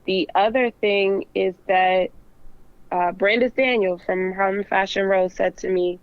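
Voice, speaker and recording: A woman's voice: medium pitch, level tone, moderate pace, dry recording. Earnest woman guest on a dull, dry call line. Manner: earnest and heartfelt, with many "like"s and "um"s. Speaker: fashion designer guest. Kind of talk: casual interview chat. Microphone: remote call.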